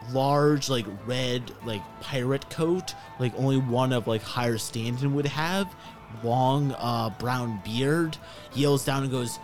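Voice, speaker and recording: Casual male game master. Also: mid-range voice. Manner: casual, many "like" fillers. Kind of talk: narrating a tabletop game.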